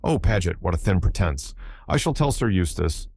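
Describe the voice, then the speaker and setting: A man's voice: deep voice, big pitch swings, normal speed, creaky, darkish tone, dry recording, studio quality, exaggerated voice. A man doing a teasing, bold young woman. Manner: arch, playfully needling. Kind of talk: audiobook character reading.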